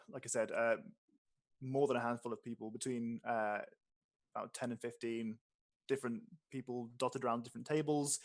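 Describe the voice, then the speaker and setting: A man narrating as game master for a tabletop game. He describes places and people at an unhurried pace, often hesitating and restarting. His voice sits at a middle pitch. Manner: descriptive, with frequent fillers and restarts.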